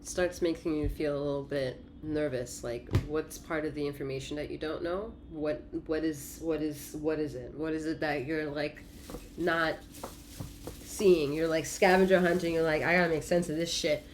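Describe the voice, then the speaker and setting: Low-voiced profane woman reading tarot. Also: normal speed, a little hiss or hum. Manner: profane, laughing, animated. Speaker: tarot reader.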